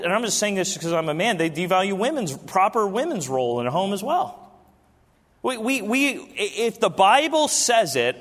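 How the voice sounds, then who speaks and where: A man in his thirties with a notably high voice delivers a sermon from the pulpit. He talks to the congregation like friends and keeps asking them questions. His voice rings out with the long reverb of a large church hall. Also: fairly bright tone. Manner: conversational preaching with rhetorical questions to the congregation. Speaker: pastor. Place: church sanctuary during a service.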